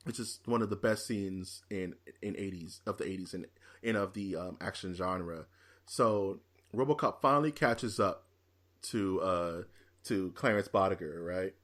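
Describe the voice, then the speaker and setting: Male podcast host, casual movie chat, animated storyteller who acts out scenes. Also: sits low, a little slow.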